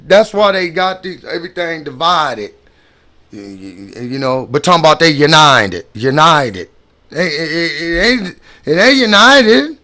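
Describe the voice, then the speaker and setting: A man's voice: a little high, sharp tone. Emphatic man ranting in slangy talk. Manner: emphatic, repeats and restarts words, slangy. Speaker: vlogger commenting on videos. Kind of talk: casual ranting commentary.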